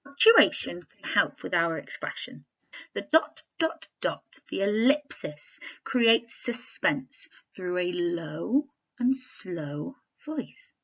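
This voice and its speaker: A woman primary teacher talks through a recorded literacy lesson for pupils at home. Her voice is bright and forward, and she speaks clearly and expressively, often stopping to ask the children questions. The sound is dull and lo-fi, as if picked up by a laptop microphone. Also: mid-range voice.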